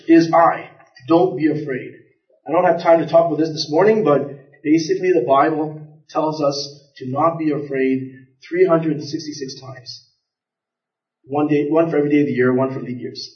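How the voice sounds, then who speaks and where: Pastor guy preaching, earnest, keeps repeating himself, kinda far off mic, dull muffled sound. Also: on the high side. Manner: earnest storytelling preacher, repeats words and restarts. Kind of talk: sermon. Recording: echoey, distant, dull church recording.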